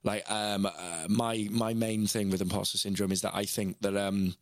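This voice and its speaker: A man's voice: lowish voice, little pitch movement, moderate pace, dry recording, studio quality. A man guesting on a podcast, talking candidly in a rambling, self-questioning way with frequent restarts.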